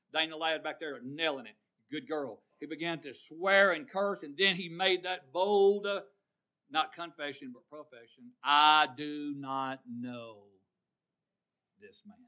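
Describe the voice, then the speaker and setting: A man preaching a sermon, drawing call-and-response from his congregation and swinging from loud to hushed. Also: fairly high pitch.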